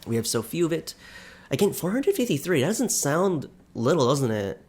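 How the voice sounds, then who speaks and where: A man's voice: on the high side, very animated, moderate pace, darkish tone. A man giving casual, self-deprecating commentary while playing a farming game, chatting to his viewers and a little out of breath. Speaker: let's play gamer.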